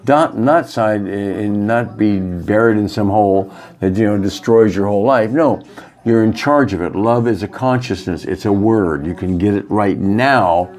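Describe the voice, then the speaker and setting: A man teaching about love and spirituality in a loose, rambling monologue. His voice sits on the low side, and he often stops and fills pauses as he goes. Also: darkish tone. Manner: halting, rambling, frequent fillers. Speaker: yoga teacher.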